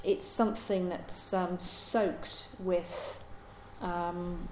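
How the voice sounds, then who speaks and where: A woman giving a Buddhist dharma talk in a halting, thoughtful way, with many pauses and ums. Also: lowish voice, fairly even intonation, a little mellow, slight background noise. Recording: roomy echo.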